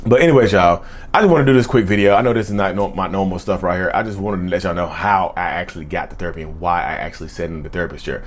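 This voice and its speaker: Man, 30s, rapid earnest camera monologue, repeats points. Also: deep voice. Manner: earnest, preachy, repeats phrases for emphasis. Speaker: mental health video creator. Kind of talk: casual talking-to-camera monologue.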